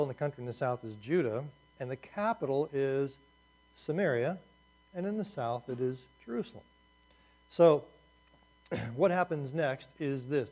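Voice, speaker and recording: A man teaching a lively overview lecture, telling the story with jokes and asides as he points at a map. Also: mid-range voice. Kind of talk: Bible survey lecture.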